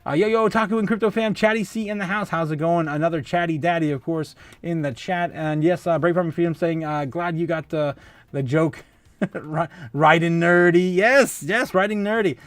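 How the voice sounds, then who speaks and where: Chatty, laughing man with a higher voice. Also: fairly quick, no room sound. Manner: chatty, laughs often, many filler "uh"s and restarts. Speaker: host of a crypto livestream. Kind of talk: casual livestream chat reading viewer comments.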